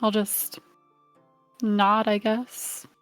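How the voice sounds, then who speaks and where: A woman's voice: medium pitch, level tone, drawn-out words, a bit bright, smooth, no room sound, soft background music. A woman playing in a tabletop game, who speaks in a tentative, unsure way. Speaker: player.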